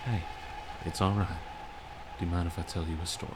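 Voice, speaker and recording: A man voicing a steady, gruff man who calms a friend by telling him a story. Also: sits low, a little fast, heavy background noise, lightly acted. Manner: firm then gently storytelling.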